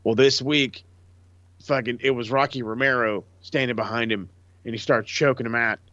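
A man co-hosting a casual chat show, animated and profane, often acting out what others said. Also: medium pitch, moderate pace, no echo. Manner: animated, profane, acts out quotes. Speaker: podcast co-host. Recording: dull lo-fi dry mic.

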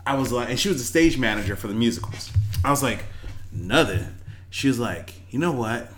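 A man's voice: medium pitch, fairly quick, a little hiss or hum. A man in casual chat, telling a personal story and acting out the voices of the people in it. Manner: lively storyteller, acts out quoted voices.

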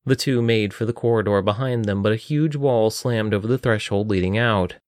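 Male storyteller, low voice, dry close recording. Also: fairly quick, a little mellow, no echo. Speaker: narrator. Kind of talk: reading a story aloud.

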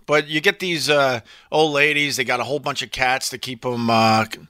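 Answering viewer comments on a live stream, a man chats loosely and swears freely, wandering into rambling asides. His voice is strikingly bright and forceful, medium in pitch, fairly even, and moderate in pace. The sound is dry and close, with no room echo.

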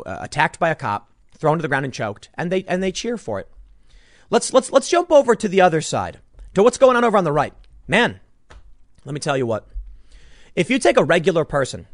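A man's voice: a little high, dry recording, studio quality. A man giving an opinionated political commentary monologue, combative and sarcastic, restarting his sentences as he argues.

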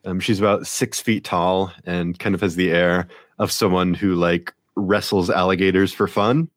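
A man running a tabletop game as game master, describing scenes in a relaxed way with frequent ums. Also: low-pitched, moderate pace, dry recording, studio quality. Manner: relaxed, many ums, laughs easily.

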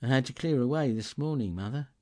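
A man's voice: mid-range voice, fast talker, darkish tone, no room sound, clean studio sound, voice pushed up, close to an everyday voice. A man reading aloud, putting on the voice of a young working daughter explaining why she is late. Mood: apologetic.

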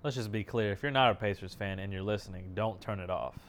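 A man co-hosting a sports podcast, joking with deadpan asides. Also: fairly low pitch, quick pace. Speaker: podcast co-host. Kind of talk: casual chat.

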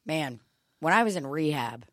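Deep-voiced woman co-host, wry and offhand, close and dry. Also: lively intonation, moderate pace, fairly bright tone, no room sound. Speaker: comedy podcast co-host. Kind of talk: casual comedy banter.

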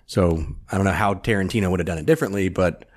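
Deep, husky-voiced man chatting. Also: fast. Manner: relaxed, brief agreeing replies. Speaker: podcast co-host. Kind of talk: casual chat.

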